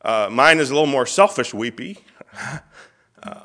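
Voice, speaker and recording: A middle-aged male pastor reading scripture in a measured cadence, then preaching with emotion in a church room. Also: medium pitch, a bit bright. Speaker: pastor teaching a church class.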